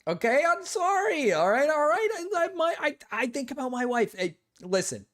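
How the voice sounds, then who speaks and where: A man talking to his livestream chat in a loose, casual way. His pitch swings widely and lively as he goes, and he curses freely and keeps circling back to the same phrases. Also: normal speed. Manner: animated, repeats himself, swears freely. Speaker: streamer reacting to chat.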